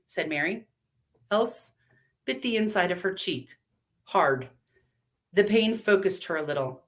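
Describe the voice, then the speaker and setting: A woman narrating a dark story at a live reading, in a low, measured voice.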